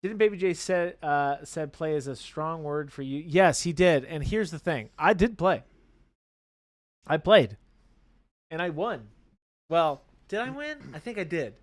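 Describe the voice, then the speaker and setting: A man's voice: on the high side, normal speed, no room sound. Teasing, laughing male livestream host. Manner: teasing, animated, laughs often, mock announcer bits. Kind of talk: casual banter on a painting livestream.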